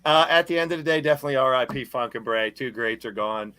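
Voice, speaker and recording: A man's voice: medium pitch, quick pace, bright, forceful tone, slight background noise. A man in his fifties co-hosting a podcast, chatting casually, cracking corny jokes and swearing freely. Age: 50s. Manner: jokey, self-mocking, swears freely. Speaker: podcast co-host. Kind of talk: casual chat.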